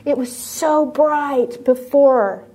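A middle-aged woman preaching to a live audience, telling a personal story and asking the room questions in an animated way. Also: high-pitched, extremely slow.

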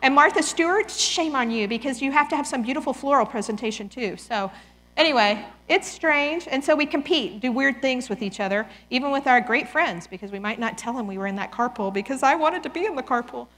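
A woman in her forties giving a lively, conversational Christian talk to parents, often quoting scripture as if speaking the words herself. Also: high-pitched, a little fast. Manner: animated, conversational, quotes scripture in character. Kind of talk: talk to a church audience.

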